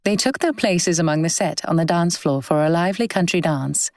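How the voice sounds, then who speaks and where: A woman narrating a novel as an audiobook in an even, measured storytelling manner. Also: fairly low pitch, no room sound.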